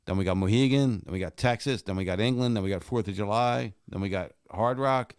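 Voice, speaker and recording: Guy on a podcast with a lowish voice, blunt, dry close sound. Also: fairly quick, clean tone, dry recording. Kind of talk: casual podcast chat.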